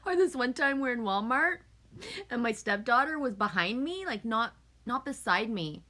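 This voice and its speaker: A woman's voice: on the high side, very animated, a little slow, pauses often, pushed and bright. A middle-aged woman from Canada chatting casually with viewers, telling stories, swearing freely and laughing often. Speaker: livestream host.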